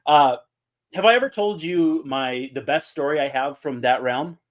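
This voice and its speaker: A podcast co-host with a higher-leaning voice talks at normal speed in a casual chat. He's an animated storyteller who acts out the quotes in his tales.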